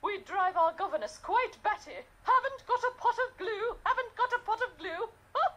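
An actress playing a prim, formal older widow who runs the manor, speaking in a video game. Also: female voice, very high-pitched, expressive, normal speed, a bit bright. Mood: amused. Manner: formal, scolding, sometimes wistful.

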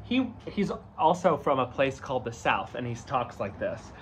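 A man reading a picture book aloud to children in a gentle, unhurried way, adding chatty asides between the pages. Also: medium pitch, slight background noise. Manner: animated, lively voice. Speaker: storybook reader.

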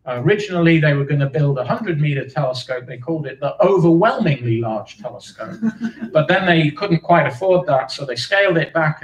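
A man giving an academic astronomy lecture in a conversational, explaining way, recorded from a distance in a lecture hall. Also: a little high. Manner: conversational, loosely explaining with asides. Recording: roomy hall, voice from far off.

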